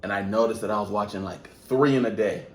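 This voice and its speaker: A man co-hosting a casual podcast at home, relaxed and wry, telling stories. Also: lowish voice, quick pace. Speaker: podcast co-host. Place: home room. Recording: echoey room with faint hiss.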